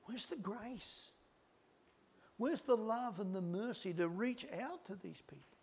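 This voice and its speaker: A middle-aged male preacher giving a sermon, swinging from loud emphatic lines to hushed whispered words. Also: high-pitched, moderate pace, creaky, slightly rough.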